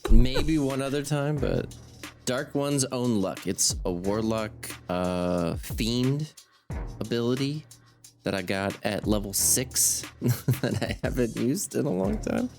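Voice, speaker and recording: A man's voice: medium pitch, lively intonation, slow pace, gravelly. A man playing a tabletop game, joking wryly about his own bad luck. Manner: wry, self-deprecating. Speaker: player. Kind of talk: casual tabletop game chat. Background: background music.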